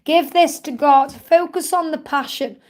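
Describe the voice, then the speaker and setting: A woman hosting a live-stream card reading, gently reassuring viewers as she relays messages. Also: high-pitched, steady tone, a little slow.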